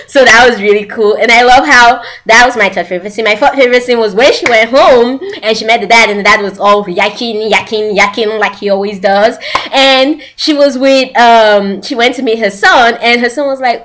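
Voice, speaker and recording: Young woman, English not her first language, a bit high, chatty and giggly, gushing casual review. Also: moderate pace, a bit bright. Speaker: drama reviewer. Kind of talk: casual chat.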